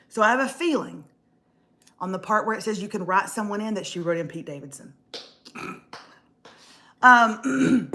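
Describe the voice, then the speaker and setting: A middle-aged woman hosting a casual chat show, animated and jokey, calling her viewers y'all. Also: mid-range voice. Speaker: host.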